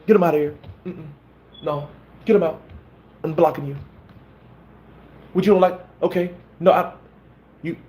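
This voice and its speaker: A man's voice: on the high side, a little mellow, pitched above the performer's own voice, lightly acted. A man doing an impression of a brash, boastful male boxing streamer who brushes off critics. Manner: cocky, dismissive, hype-man delivery.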